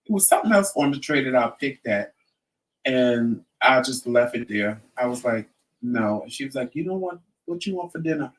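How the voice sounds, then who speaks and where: A man's voice: mid-range voice, moderate pace. Man in his fifties telling a story from a distance. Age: 50s. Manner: animated storyteller who acts out quoted dialogue. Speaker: vlog host. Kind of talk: casual storytelling chat.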